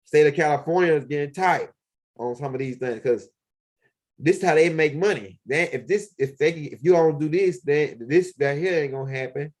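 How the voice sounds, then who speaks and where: A video blogger wanders through his house and backyard, rambling casually in loose, profane street talk full of fillers. His voice is fairly high and a little mellow, and he speaks at a normal speed.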